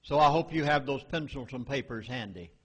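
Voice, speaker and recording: A man's voice: mid-range voice, fairly quick, slightly rough. A man with a Southern US accent giving an urgent, emphatic public lecture to a live audience. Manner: emphatic, urgent, dramatic warnings. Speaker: public speaker. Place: meeting hall. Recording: echoey hall reverb.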